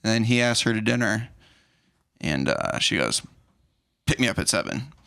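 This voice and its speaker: A man's voice: lowish voice, normal speed, clean tone. A man hosting a podcast, casually retelling a film scene by scene and acting out the characters' lines. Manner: animated retelling, acts out lines. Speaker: podcast host. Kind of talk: casual movie recap.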